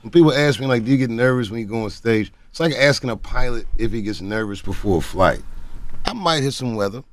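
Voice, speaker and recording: A man's voice: medium pitch, expressive, brisk, slight background noise. A man in his forties telling funny stories in an interview, laughing often and acting out dialogue. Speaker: comedian guest. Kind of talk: interview anecdotes.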